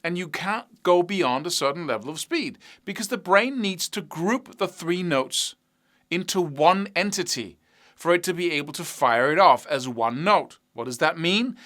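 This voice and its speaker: A man giving a guitar lesson in a bright, rather high voice that swings widely in pitch. He explains with animated rhetorical questions and boxing analogies, with a faint guitar in the background. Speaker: guitar teacher. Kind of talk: instructional talk to camera.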